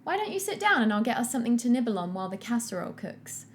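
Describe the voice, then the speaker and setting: A woman's voice: fairly high pitch, sing-song, very fast, a little hiss or hum. A woman reading a polite young hostess in a plain, gracious voice.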